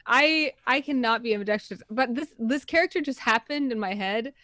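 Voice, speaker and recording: A woman's voice: a little high, fairly quick, bright, forceful tone, no echo. Hesitant woman player at a game table. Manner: hesitant, filler-heavy. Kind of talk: casual chat.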